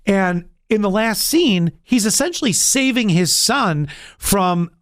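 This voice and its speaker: A middle-aged man talking candidly on a podcast, voice sitting a touch high and swinging widely in pitch as he tells a story. He rambles and restarts his sentences often, recorded dry and close with no room sound. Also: lively intonation, slow pace, fairly bright tone, dry recording. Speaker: podcast co-host. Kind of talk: casual chat.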